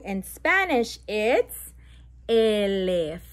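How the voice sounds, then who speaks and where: A woman's voice: mid-range voice, big pitch swings. A woman reading a bilingual picture book aloud to toddlers, stressing each letter sound and adding playful animal noises. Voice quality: slow, sound-by-sound letter emphasis. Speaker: children's book reader.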